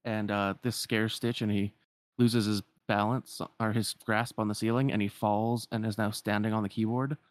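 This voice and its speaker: A man's voice: on the low side, level tone, moderate pace, dry recording. A man casually retelling a story as a podcast host, with lots of filler words.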